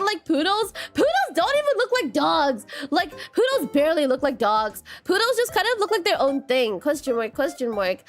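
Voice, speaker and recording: A woman streamer in casual live chat, rambling about animals while reading chat aloud and greeting viewers. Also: high-pitched. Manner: rambling, reads chat aloud, repeats "question mark"; animated, quick laughs and bursts of excitement.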